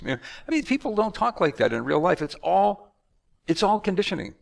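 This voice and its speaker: A man from the United States talking in a conversational monologue, animated and acting out announcers and magicians. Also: high voice, brisk, creaky. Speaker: speaker.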